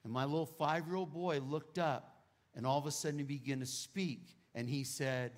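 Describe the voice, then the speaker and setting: A middle-aged male pastor preaching a testimony, moving between hushed quoted prayers and loud exclamations. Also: fairly high pitch, fairly even intonation, moderate pace. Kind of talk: sermon testimony.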